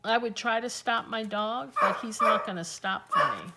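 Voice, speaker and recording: A woman's voice: on the high side, moderate pace, very noisy. A woman hosting a casual crafting tutorial, chatting and thinking aloud as she talks through each step.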